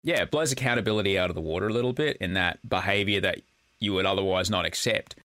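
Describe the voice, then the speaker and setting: A man co-hosting a podcast, recapping in a quick, jokey, casual chat. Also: low-pitched, bright, forceful tone, no room sound, studio quality. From Australia. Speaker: podcast co-host.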